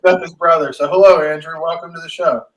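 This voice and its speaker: A man's voice: fairly high pitch, steady tone, fast talker, a bit bright, dull audio. A man with a Pittsburgh accent co-hosting a podcast in casual chat, rambling and joking at his own expense. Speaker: podcast co-host.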